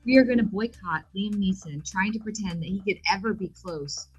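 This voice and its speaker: Husky, opinionated woman chatting. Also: medium pitch, a little fast. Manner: enthusiastic, opinionated. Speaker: podcast co-host. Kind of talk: casual chat.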